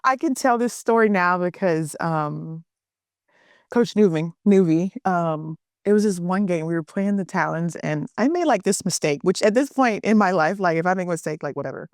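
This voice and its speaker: A woman's voice: on the low side, animated, normal speed, no echo, studio quality. A young adult woman, a guest on a casual podcast interview, telling stories animatedly and laughing often. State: pregnant. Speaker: guest, softball pitcher.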